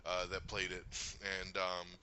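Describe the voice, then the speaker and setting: A man hosting a casual movie review chat, excitable and swearing, acting out quotes in funny voices. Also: low voice, measured pace, muffled recording. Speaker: podcast host.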